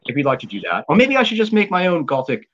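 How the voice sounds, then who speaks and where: A man's voice: a little high, wildly swooping pitch, fast talker, a bit bright, lo-fi sound. A man hosting a live stream, chatting casually and enthusiastically, rambling with many fillers and restarts. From United States.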